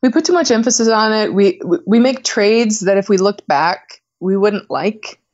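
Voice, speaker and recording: A woman's voice: mid-range voice, lively intonation, normal speed, darkish tone. Candid, reflective middle-aged woman on dull audio. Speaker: podcast guest, company founder. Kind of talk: casual conversation.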